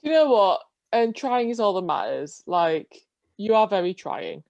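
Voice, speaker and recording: A woman's voice: mid-range voice, big pitch swings, measured pace, gravelly, darkish tone, dry recording, dull audio. A young woman, a podcast co-host, chatting and telling a self-mocking story. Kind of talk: casual storytelling chat.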